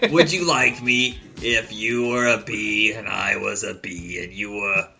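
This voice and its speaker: A gravel-voiced man drawing out his lovelorn pleas, as a podcast host puts him on. The rasp sits low in the throat, loud and pushed, with some music faintly underneath. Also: fairly even intonation, measured pace, full character voice. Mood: pleading. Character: gravel-voiced pleading man, impression of a famous actor.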